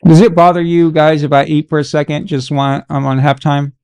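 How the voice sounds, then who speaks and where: A man hosting a casual sports live stream, animated and exasperated as he chats with viewers. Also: on the high side, a little fast, clear, resonant tone, no echo, clean studio sound.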